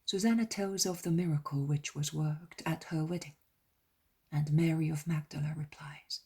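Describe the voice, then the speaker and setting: A woman narrating a dramatized religious audiobook in a soft half-whisper. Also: sits low, fairly even intonation, moderate pace, breathy edge.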